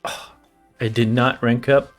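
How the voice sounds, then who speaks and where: A man streaming a game, excitable and casual, swearing, stammering and humming to himself. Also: medium pitch, unhurried. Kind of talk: casual let's-play commentary. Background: faint game music.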